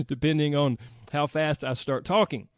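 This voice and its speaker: Talking straight to his audience, a Southern American man runs his solo podcast with upbeat, conversational energy. His fairly high voice moves at an unhurried pace, and the recording is dry and studio quality.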